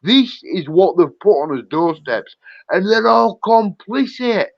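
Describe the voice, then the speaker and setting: A man's voice: high voice, lively intonation, unhurried, creaky, no echo. Man, livestream host, angry profane rant, repetitive, dull lo-fi dry recording.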